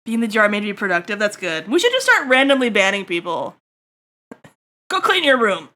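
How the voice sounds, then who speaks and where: A woman's voice: mid-range voice, huge pitch swings, moderate pace, sharp tone. A woman livestreaming while she draws, chatting with her viewers in a crude, joking way. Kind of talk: casual stream chat while drawing.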